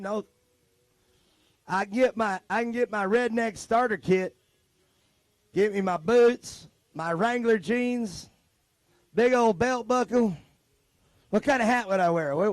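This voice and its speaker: High-voiced joking race track announcer. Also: male voice, dry recording. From Modesto, California. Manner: joking, rambling banter. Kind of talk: live race commentary.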